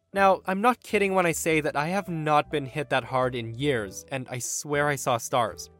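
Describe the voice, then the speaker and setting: Animated man retelling a story. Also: fairly high pitch. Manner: animated, indignant retelling with quoted voices. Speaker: podcast host. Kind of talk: storytelling narration.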